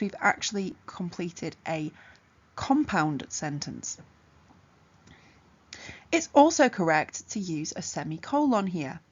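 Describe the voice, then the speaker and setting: A woman teaching an exam revision lesson, explaining punctuation rules clearly and methodically with examples. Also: mid-range voice, highs cut off. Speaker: English tutor.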